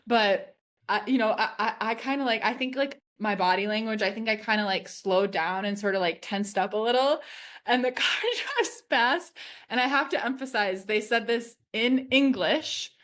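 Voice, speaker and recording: A woman's voice: on the high side, normal speed, a bit bright. A woman in her thirties co-hosting a podcast in casual chat, telling stories with lots of "like" and frequent laughs. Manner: chatty, fills speech with "like", laughs often while telling stories. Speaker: podcast co-host.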